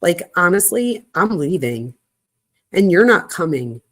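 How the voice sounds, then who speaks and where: A woman's voice: fairly low pitch, very animated, unhurried. A woman reading as an irritated young girlfriend. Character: angry young woman texting her boyfriend.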